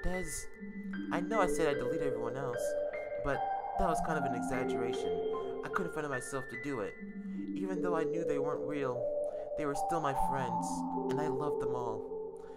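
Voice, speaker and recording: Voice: mid-range voice, moderate pace, natural voice. A streamer reading aloud as a desperate, lovestruck young female game character, pleading and remorseful, with game music behind. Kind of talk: read-aloud game dialogue.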